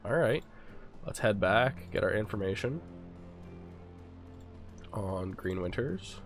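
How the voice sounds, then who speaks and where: Low gravelly voice, sniffly man, casual game commentary, faint music. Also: slow pace. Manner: relaxed, thinking aloud. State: stuffy, sniffly. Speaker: gameplay streamer.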